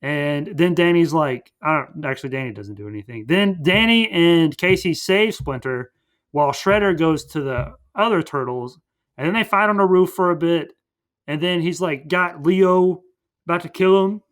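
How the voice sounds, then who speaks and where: A man's voice: fairly high pitch, moderate pace, a bit bright. Rambling man recapping a movie. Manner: rambling, filler-heavy retelling. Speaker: podcast host.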